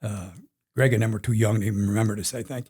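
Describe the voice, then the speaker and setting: A man's voice: lowish voice, fairly even intonation, quick pace, a little mellow, slightly rough. A man in his sixties, a racing crew chief, telling rambling stories in a casual interview with frequent chuckles. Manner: rambling anecdotal storyteller, chuckles often. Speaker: NASCAR crew chief guest.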